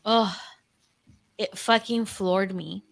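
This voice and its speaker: A woman's voice: medium pitch, slow pace, vocal fry, dry recording. A woman talking as a podcast guest, telling personal stories frankly, with lots of swearing and laughter. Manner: frank, profane, animated storytelling with laughter. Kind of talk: casual candid conversation.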